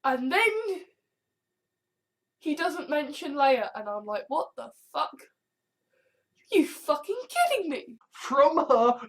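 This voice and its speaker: A woman vlogger talking casually to camera in a rambling, exasperated way, swearing freely. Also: fairly high pitch. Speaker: YouTube vlogger. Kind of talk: casual vlog monologue.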